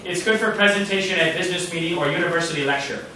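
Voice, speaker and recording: A man giving an animated lecture in a lecture room, with big swings in loudness. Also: sits high, very fast, a little hiss or hum. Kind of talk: lecture on presenting. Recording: echoey room from far off.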